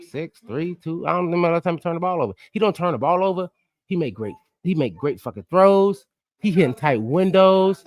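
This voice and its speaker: Hyped guy ranting on a sports podcast, kinda high voice, dry mic. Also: no room sound. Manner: animated and emphatic, slips into impressions. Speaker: podcast host. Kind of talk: casual sports chat.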